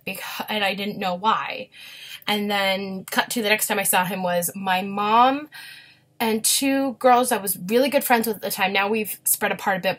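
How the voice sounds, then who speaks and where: A young woman chatting casually in a vlog, gushing and quick to get emotional. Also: medium pitch, a bit bright. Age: young adult. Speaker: vlogger. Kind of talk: casual chat.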